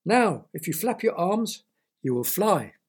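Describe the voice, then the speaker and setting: A man's voice: high-pitched, big pitch swings, a little slow, slightly rough, pitched above the performer's own voice, heavily acted. A man putting on a coaxing, oddball custard man. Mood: delighted. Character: odd cheerful custard-swimming man.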